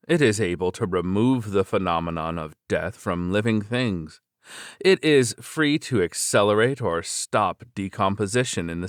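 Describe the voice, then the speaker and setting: A man with a very low voice reads a web novel aloud in a steady, measured way. The sound is close and dry, with no room around it. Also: clean tone, dry recording. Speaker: audiobook narrator. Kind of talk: scripted narration of a web novel.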